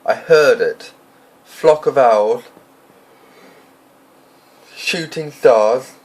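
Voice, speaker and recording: Here a man pushes his medium-pitched voice upward to portray an impatient, stern elderly female professor in a homemade audiobook. His delivery is curt, quick and irritated, and the audio quality is poor.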